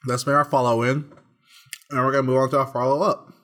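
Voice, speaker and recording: A man co-hosting a casual podcast, cracking dry, low-key jokes. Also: little pitch movement, quick pace. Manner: dry, quietly joking. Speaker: podcast co-host. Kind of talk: casual chat.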